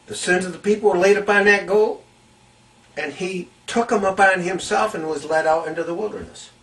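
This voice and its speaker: A man's voice: high voice, steady tone, normal speed, fairly bright tone, far from the mic, poor audio. A man preaching a Bible teaching sermon, reading scripture aloud and repeating key phrases to stress them.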